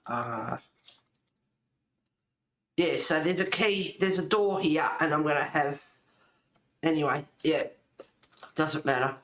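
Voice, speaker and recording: A woman's voice: low-pitched, slow, pauses often, fairly bright tone, a little hiss or hum. A woman chatting casually in a craft vlog, rambling and laughing often as she shows her work. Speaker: colouring and junk-journal vlogger. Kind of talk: casual chat showing crafts. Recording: echoey room.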